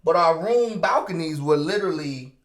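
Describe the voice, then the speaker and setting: A man hosting a podcast, telling a story with lively energy, acting out the dialogue and laughing often. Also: on the high side, moderate pace. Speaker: podcast host. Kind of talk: animated storytelling chat. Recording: roomy echoey room.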